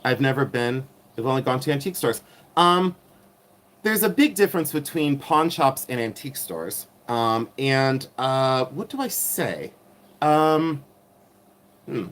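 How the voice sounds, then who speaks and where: A man's voice: medium pitch, expressive, a little slow, a bit bright. A middle-aged man hosting a casual live stream, rambling with many ums and turning sassy and catty when riled.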